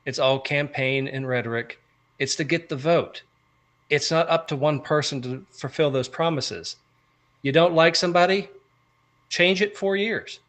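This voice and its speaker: Bright-voiced man ranting and telling stories. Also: on the high side. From United States. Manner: animated storyteller, ranting asides. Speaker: podcast co-host. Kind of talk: casual podcast chat.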